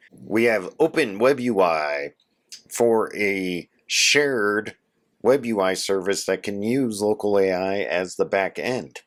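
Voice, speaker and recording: Man, very deep voice, hoarse from a cold, casual tech tutorial host. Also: a bit bright. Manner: casual, instructive, addresses viewers as guys. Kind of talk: screen-share tutorial walkthrough.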